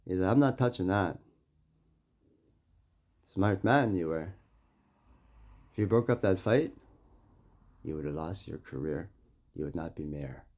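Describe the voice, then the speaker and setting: Deep, gravelly man making demands. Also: measured pace, long pauses. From Saskatchewan, Canada. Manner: confrontational, demanding, with swings between loud and quiet. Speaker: First Nation community member addressing a mayor. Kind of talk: impassioned direct address and storytelling.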